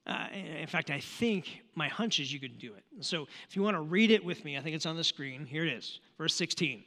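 Male pastor, bright and slightly high voice, chatty sermon delivery, long church-hall reverb. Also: normal speed. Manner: conversational, asks the congregation questions, repeats words. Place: church auditorium.

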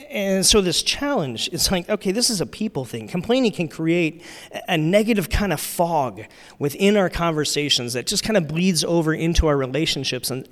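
A middle-aged man, a pastor, preaching in a conversational, candid, self-deprecating way. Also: sits high. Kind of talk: sermon. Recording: hall reverb.

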